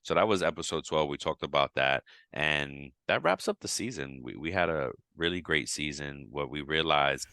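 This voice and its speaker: A man co-hosting a podcast, chatting casually and animatedly, his voice leaping high when he acts out his own reactions. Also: moderate pace, hardly any pauses, clear, resonant tone, no echo. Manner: animated, jumps to high pitch when quoting himself. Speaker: podcast co-host.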